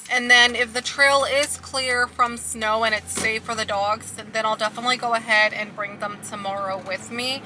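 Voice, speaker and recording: A woman's voice: fairly high pitch, noisy background. A woman vlogger chatting casually and upbeat to her viewers, calling them guys, while out on a walking trail. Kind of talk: casual vlog chat. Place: outdoors on a trail.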